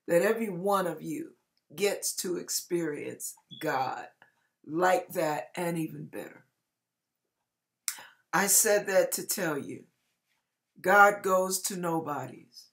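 A woman with a fairly low voice tells her heartfelt testimony at a slow, deliberate pace. She speaks earnestly and tenderly, swelling with feeling and then letting lines fade softly. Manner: earnest and tender, with emotional swells and soft trailing endings. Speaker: ministry speaker sharing a testimony.

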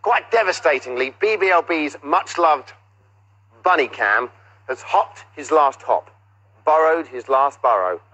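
Man, TV host, playful studio presenting, theatrical, teasing, bright tense voice, slightly high. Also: expressive, measured pace, muffled recording.

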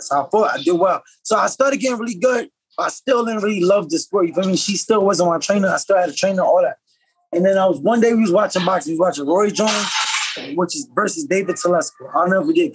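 A man from upstate New York, a professional boxer, telling stories as a podcast guest in a casual, slangy, animated way. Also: sits high, breathy edge, rough recording. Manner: fast, slangy, animated storytelling. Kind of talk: casual storytelling.

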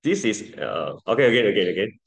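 A man's voice: fairly low pitch, sing-song, a little fast. A man teaching English pronunciation to a class, patiently drilling vowel sounds and calling on students. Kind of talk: classroom lesson.

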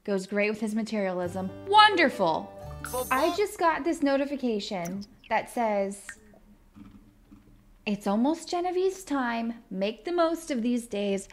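A woman's voice: on the high side, sing-song, a little slow. A young woman casually commenting on a life-simulation game, chatty and emotional, talking to her characters and viewers. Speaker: gaming video host. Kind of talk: casual let's-play commentary.

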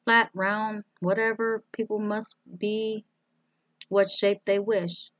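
A woman's voice: mid-range voice, flat delivery, slow, no room sound, lightly acted. A woman voicing a kindly, fussing plump mother with a motherly manner.

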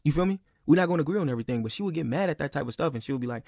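Fast-talking, gravelly young man venting. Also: on the high side, darkish tone, dry recording, clean studio sound. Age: 20s. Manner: emphatic, profane, repeats himself. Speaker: podcast guest. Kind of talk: casual venting monologue.

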